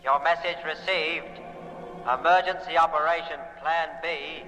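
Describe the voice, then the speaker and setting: A mysterious formal radio voice posing as control, 1950s radio play; bright tone, reverberant with faint hiss. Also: male voice, a little high, steady tone, a little slow, faint music behind. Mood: stern. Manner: clipped, formal, issuing orders. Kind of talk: 1950s radio drama acting.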